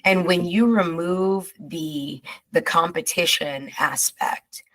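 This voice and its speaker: A woman hosting a podcast in casual chat, talking in an emphatic, expressive way with drawn-out asides. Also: lowish voice, low-quality recording. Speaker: podcast host.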